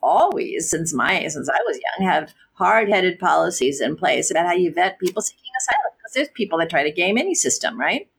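Gravelly earnest woman pastor. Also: fairly low pitch, big pitch swings, a little fast, few pauses, a bit bright, a little hiss or hum. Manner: earnest, impassioned storytelling with many "you know" and "right?". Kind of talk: podcast interview answer.

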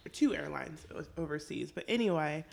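A woman's voice: deep voice, lively intonation, gravelly, a little mellow. A woman co-hosting a podcast in casual chat. She is blunt, swears freely and laughs easily. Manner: blunt, profane, quick to laugh. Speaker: podcast co-host.

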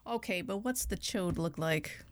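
A woman's voice: fairly low pitch, unhurried. Sarcastic woman hosting a podcast. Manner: sarcastic, crude, playful. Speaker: podcast host. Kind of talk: casual comedic chat.

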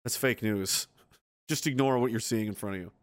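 A man's voice: fairly low pitch, moderate pace, smooth. Blunt, profane man ranting on a livestream. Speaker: livestream host reading viewer comments. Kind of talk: casual livestream commentary.

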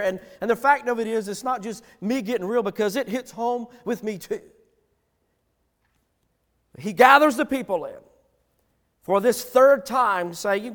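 A man's voice: very high-pitched, lively intonation, moderate pace, fairly bright tone. A middle-aged male pastor preaching a sermon with emphatic, repetitive phrasing. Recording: long hall reverb.

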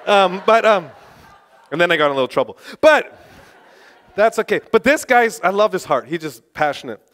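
A man preaching and telling testimony stories with passionate, excitable energy, now and then bursting into shouts. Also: sits high, normal speed. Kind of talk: sermon testimony storytelling.

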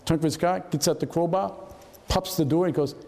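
In a large hall at a historical society event, a retired FBI agent in his seventies gives an anecdotal talk as a guest speaker. His voice is fairly high, brisk and gravelly, and he's a lively storyteller who acts out the voices of people in his stories.

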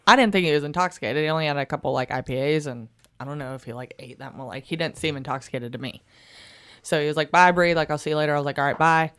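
Chatty woman telling a story, smooth voice. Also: deep voice, fast talker. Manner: animated, laughing, acts out quotes, many "like"s. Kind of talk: casual storytelling among friends.

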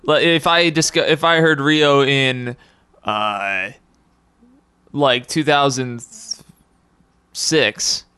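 A young man hosts a casual podcast chat, rambling through stories and breaking into laughter. His voice is bright and smooth, recorded close and dry. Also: mid-range voice, no echo. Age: young adult. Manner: rambling, laughs often, quick quotes. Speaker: podcast host.

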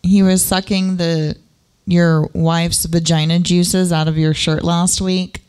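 A woman's voice: on the low side, little pitch movement, slow, darkish tone, clean tone. Giggly, teasing woman podcaster. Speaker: podcast co-host. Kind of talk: casual chat.

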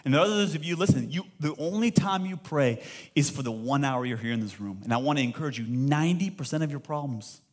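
A man pastor preaching to a live church congregation, emphatic and lively, throwing rhetorical questions to the room. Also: a little high, fast. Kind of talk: sermon.

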